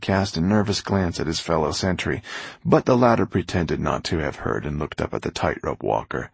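A man narrating a novel aloud with expressive storytelling. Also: extremely low pitch, moderate pace, gravelly, slightly rough, no room sound. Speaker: audiobook narrator. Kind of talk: scripted narration.

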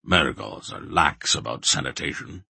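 A man voicing a cautious, gruff old man who leads the group, speaking low, terse and matter-of-fact. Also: lively intonation, normal speed, bright, forceful tone, no echo, exaggerated voice. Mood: quiet, grave.

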